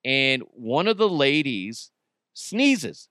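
Here the podcast host, an American man in his thirties, talks at a moderate pace in a voice on the high side. He tells stories with lively, acted-out quotes in casual solo chat, recorded at studio quality without room sound.

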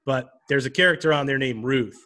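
A man's voice: mid-range voice, brisk, sharp tone. A man co-hosting a podcast, telling stories in a laid-back, wry, casual way. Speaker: podcast co-host. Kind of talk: casual chat.

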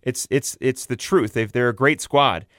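Young male sports podcaster, loose and rambling, clear resonant tone, dry close-miked. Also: mid-range voice, moderate pace, fairly bright tone, dry recording. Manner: rambling, self-correcting, frequent fillers and restarts. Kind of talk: casual baseball commentary.

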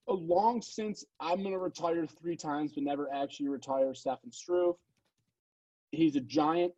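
A man's voice: mid-range voice, mellow, slightly rough, dry recording, highs cut off. A man co-hosting a podcast, talking casually about betting picks with rambling asides and self-corrections. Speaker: podcast co-host. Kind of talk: casual sports betting chat.

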